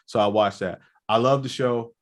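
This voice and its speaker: A man co-hosting a podcast in casual, animated chat. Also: moderate pace. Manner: animated, jumps up in pitch when excited. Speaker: podcast co-host.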